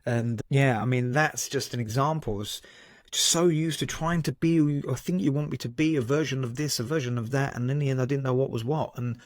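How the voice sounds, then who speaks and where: A man from Southend speaking as a podcast guest, telling personal stories in a lively, unfiltered way. He swears freely and keeps checking in with "right?" and "you know what I mean?". His voice sits at a middling pitch and is recorded close and dry. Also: fairly quick, no echo. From Southend, England. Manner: lively storytelling, frequent swearing and "right?" tags. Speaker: guest psychotherapist. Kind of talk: candid podcast conversation.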